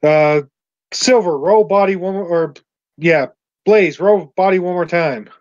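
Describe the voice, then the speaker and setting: A man running a tabletop game as game master, narrating scenes and calling for rolls. He halts and searches for words often, with a fairly high voice. The sound is muffled and lo-fi. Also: darkish tone. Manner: halting, searching for words mid-sentence.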